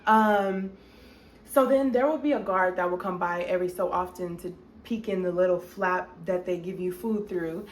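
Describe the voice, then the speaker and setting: A young woman vlogger telling a storytime in an animated, expressive way, with many fillers. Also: fairly low pitch, moderate pace. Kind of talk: storytime narration. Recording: echoey room with faint noise.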